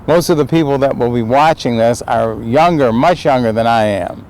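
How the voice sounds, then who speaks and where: A man's voice: medium pitch, normal speed, darkish tone, poor audio. Impassioned older man speaking outdoors. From United States. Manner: impassioned, emphatic, repeats phrases. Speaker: citizen vlogger. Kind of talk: impromptu political speech. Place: outdoors in a city street by a protest. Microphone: handheld homemade video camera.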